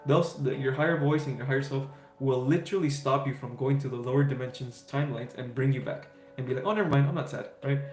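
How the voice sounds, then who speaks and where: A man's voice: mid-range voice, fairly even intonation, fast, hardly any pauses, darkish tone. A man hosting a casual spiritual livestream, answering viewers' questions in an easygoing, reassuring way with many fillers and "right?" tags. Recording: roomy echo with faint music.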